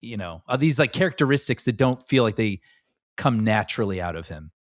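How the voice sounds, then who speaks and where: A man co-hosting a movie podcast in casual chat, agreeable and quick to laugh. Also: fairly low pitch, no echo, clean studio sound. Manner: expressive, laughs easily, agreeable. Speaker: podcast co-host.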